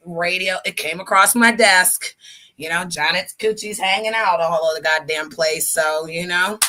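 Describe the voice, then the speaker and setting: Brief: bright, sassy woman streamer preaching to her chat, emphatic, honey-this honey-that. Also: on the low side. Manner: talks straight to her chat. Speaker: livestream host. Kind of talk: casual livestream monologue with preaching.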